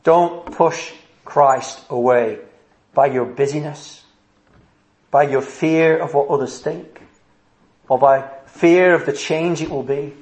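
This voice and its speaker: A man's voice: fairly high pitch, slow pace, darkish tone. A man preaching a sermon at a church service, earnest and driving his points home with rhetorical questions. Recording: roomy echo.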